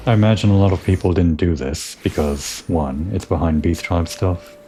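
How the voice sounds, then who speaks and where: Low-voiced man musing over gameplay. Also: moderate pace, dark tone. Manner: rambling, musing asides. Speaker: gameplay commentator. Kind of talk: casual game commentary.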